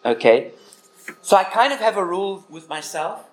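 A man, preaching in a relaxed, conversational way and often checking in with his listeners. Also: sits high, normal speed. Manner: earnest, encouraging, checks in with the audience. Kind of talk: conversational sermon. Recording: very echoey church hall.

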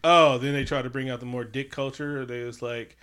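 Animated, bright-voiced man riffing on a movie. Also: mid-range voice, a little fast, clear, resonant tone. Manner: animated, profane, slips into impressions. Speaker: podcast co-host. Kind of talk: casual movie review chat.

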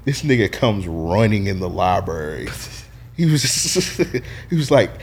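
A man co-hosting a casual podcast chat, telling lively stories and mimicking the people he quotes. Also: fairly low pitch, a little slow, a little hiss or hum. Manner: animated storyteller, mimics voices loudly when quoting. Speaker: podcast co-host.

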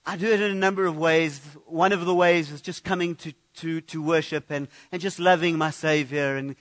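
A man with a high voice preaches a sermon in a church. He talks in a loose, conversational way, often going back to repeat a word before he carries on. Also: fairly even intonation, normal speed, fairly bright tone. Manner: conversational preaching with frequent restarts and repeated words. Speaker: pastor.

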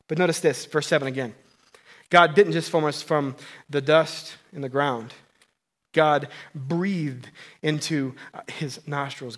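A man, a pastor in his thirties, preaching a sermon in a casual, playful way that swings between loud emphasis and hushed tones. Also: fairly high pitch.

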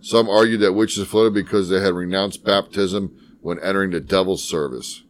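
A man with a fairly low voice talks loosely with a friend. He rambles, swears and hunts for words, then reads history text aloud in a rushed, stumbling way. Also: fairly even intonation. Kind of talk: casual chat, reading aloud.

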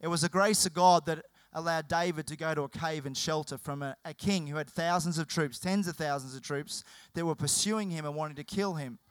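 A man's voice: on the high side, brisk, hardly any pauses, dry recording. A male pastor preaching a sermon, emphatic and repetitive.

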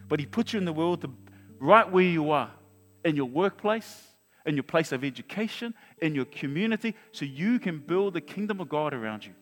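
A man in his forties preaches in a large church, telling stories with lively energy, restarting sentences and chuckling as he goes. His voice sits a little high for a man. Long reverb trails his words, with soft guitar playing underneath. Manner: animated, storytelling, restarts and chuckles. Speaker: pastor. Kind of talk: sermon with personal story.

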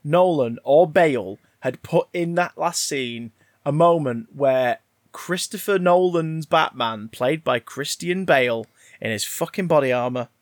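A man's voice: a little high, measured pace, no echo, studio quality. A man, casually ranting and riffing about a film on a podcast, swearing freely. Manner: animated, sweary, rambling. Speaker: podcast co-host. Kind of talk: casual film review chat.

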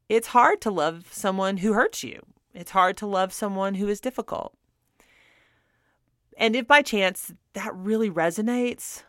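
A woman's voice: on the low side, fairly bright tone, clean tone, no echo, studio quality. A middle-aged woman radio host telling a personal story in a candid, earnest way, laughing now and then. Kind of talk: personal testimony talk.

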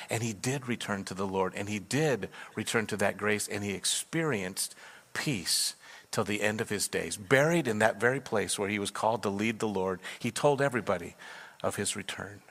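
In a church sanctuary, a pastor tells a story earnestly and then leads a fervent prayer. His voice is lowish and a bit bright at a moderate pace, and the recording carries long hall reverb.

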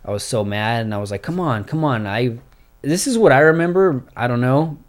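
Brief: young adult man, casual storyteller, profane and animated, mid pitch. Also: brisk.

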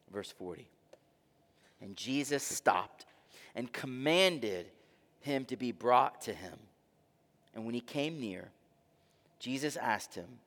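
A man pastor preaching a dramatic sermon, with rhetorical questions and swings between soft and loud delivery. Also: mid-range voice. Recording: long reverb of a large hall.

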